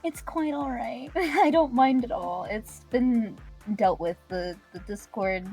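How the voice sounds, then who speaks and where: A woman's voice: on the high side, slow, warm tone, slightly rough, faint music behind. A woman in a casual group voice chat, giggling often and talking in an affectionate, doting way. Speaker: voice chat friend.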